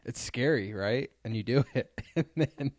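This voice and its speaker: A man's voice: mid-range voice, a little slow, dry recording, clean studio sound. A man in his twenties co-hosting a casual chat, laid-back and joking. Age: 20s. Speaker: co-host, husband.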